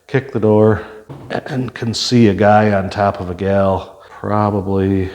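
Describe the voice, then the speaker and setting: An older man with a very low voice, a retired police officer, tells his story in a casual podcast interview. He speaks unhurriedly and reflectively, with frequent pauses and "uh"s. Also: flat delivery, darkish tone. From Michigan, US.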